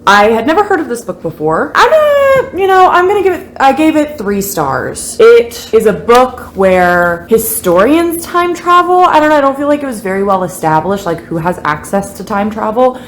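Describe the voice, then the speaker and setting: A young woman chatting casually in a reading vlog, expressive and talkative. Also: a little high, moderate pace, few pauses, slight background noise. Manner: chatty, expressive, drifts into soft tearful reading. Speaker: book vlogger.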